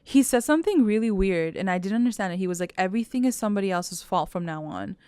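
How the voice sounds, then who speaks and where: A woman's voice: medium pitch, animated, fast, dark tone, clean tone, no echo. A woman co-hosting a podcast, chatting casually about a TV episode, agreeing often and asking questions. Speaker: podcast co-host. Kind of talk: casual TV recap chat.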